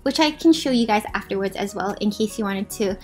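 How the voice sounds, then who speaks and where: A woman's voice: medium pitch, a little fast, darkish tone. A young woman hosting a gaming video, giving casual, chatty commentary with apologetic asides and lots of gushing. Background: faint background music.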